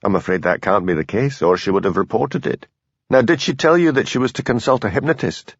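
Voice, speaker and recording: A calm, stubborn Highland sergeant, voiced by a male narrator with a Scottish Highland accent, asking his questions quietly. The voice is fairly low and dry, with a slightly dull, lo-fi sound. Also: a little fast, slightly rough, no echo. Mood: gentle. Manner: quiet, gentle, persistent.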